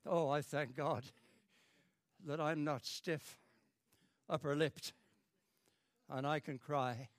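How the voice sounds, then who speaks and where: Slow, high-voiced older British preacher. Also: male voice, steady tone, no room sound, studio quality. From Britain. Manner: fervent, repetitive, dramatic rises in pitch and volume. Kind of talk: sermon.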